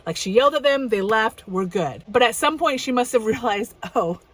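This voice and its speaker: A woman's voice: on the high side, animated, brisk. A woman hosting a reaction video, chatting casually and thinking aloud with hedging asides.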